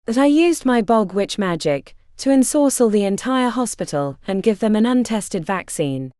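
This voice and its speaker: A woman's voice: medium pitch, animated, moderate pace, dark tone, dry recording, clean studio sound, natural voice. A woman voicing a defiant young bog witch healer who talks bluntly with folksy turns of phrase.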